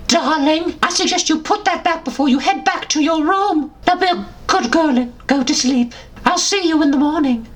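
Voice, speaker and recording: A gleeful, unhinged little house elf with a squeaky, shrill voice. He talks about himself in the third person with manic comic menace. The voice sits high above a normal man's pitch. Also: fairly bright tone, low-quality recording. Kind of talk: comedic character voice.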